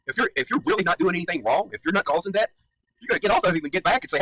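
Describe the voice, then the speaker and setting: Heated man, bright dry voice. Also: high voice, lively intonation, rapid-fire, no echo, low-quality recording. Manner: heated, emphatic, repeats points, swears. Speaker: commentator. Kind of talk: reaction commentary.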